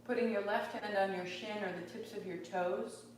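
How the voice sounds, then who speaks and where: A woman teaching a live yoga class, calmly cueing breath and movement in a steady rhythm. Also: medium pitch, normal speed. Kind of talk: guided yoga class instruction. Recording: very echoey, distant, faint room noise.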